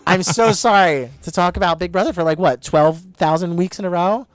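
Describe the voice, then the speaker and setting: A man co-hosting a podcast in casual chat, gushing about a reality show with animated storytelling. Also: sits high, a little fast, no room sound, studio quality. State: overheated. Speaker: podcast co-host.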